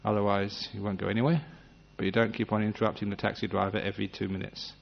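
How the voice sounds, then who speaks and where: A man giving a gentle, humorous meditation talk, acting out little scenes as he teaches. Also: fairly low pitch, level tone, fast, creaky. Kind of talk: dharma talk. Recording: dull lo-fi recording.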